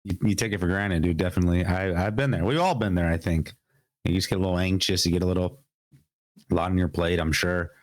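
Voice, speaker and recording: Young male podcast host, low pitch, under the weather with a cough, loose rambling chat. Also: steady tone, quick pace, dry recording, clean studio sound. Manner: rambling, repeats words, laughs often. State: sick with a cough. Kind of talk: casual gaming podcast chat. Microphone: podcast mic.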